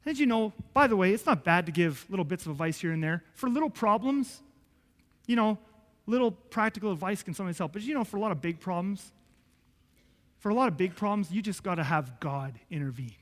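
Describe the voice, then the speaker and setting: A man preaching a sermon as pastor, telling a personal story with sudden swings from hushed to loud. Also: sits high, animated, fairly quick. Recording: church hall reverb.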